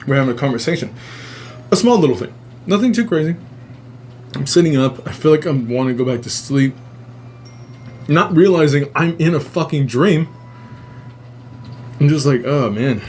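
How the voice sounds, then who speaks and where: A man's voice: mid-range voice, slight background noise. A man hosting a podcast, telling a strange dream story in a casual, profane way and acting out the quotes. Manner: profane, animated retelling with acted-out quotes. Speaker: podcast host.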